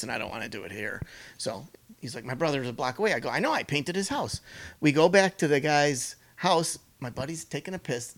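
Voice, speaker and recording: Middle-aged guy telling a crude story, bouncy bright voice, cusses a lot. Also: a little high, slight background noise. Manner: profane, laughing, acts out quotes. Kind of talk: casual storytelling chat.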